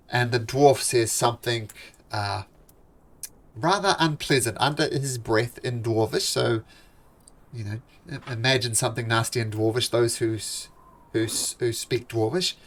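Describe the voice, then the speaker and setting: A man acting as dungeon master, narrating a tabletop game with halting pauses, fillers and self-corrections. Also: mid-range voice.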